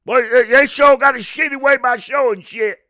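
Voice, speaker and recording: A man hosting his own show, delivering a fired-up political rant that repeats words and bursts into shouting. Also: very high-pitched, moderate pace. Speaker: show host.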